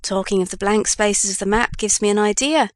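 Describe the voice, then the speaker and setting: Brief: a woman reading an old, kindly newsroom editor for an audiobook, mid-pitched, dry close sound. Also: a little fast, dry recording, natural voice. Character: kindly old male Scottish news editor.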